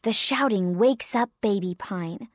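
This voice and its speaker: A woman narrating a story clearly and deliberately for English learners. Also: mid-range voice, no room sound, clean studio sound.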